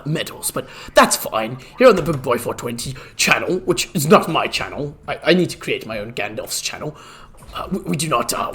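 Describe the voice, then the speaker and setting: A man's voice: mid-range voice, fairly bright tone, husky, heavily acted. A man voicing a polite, flustered old wizard while streaming a game, stammering and speaking in formal old-fashioned phrases.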